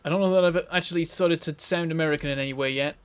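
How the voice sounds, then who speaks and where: A man from northern England with a softened northern English accent, rambling and chatty as he streams a game. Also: a little high, steady tone, quick pace, smooth. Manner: rambling, chatty, self-correcting. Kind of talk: casual live-stream game commentary.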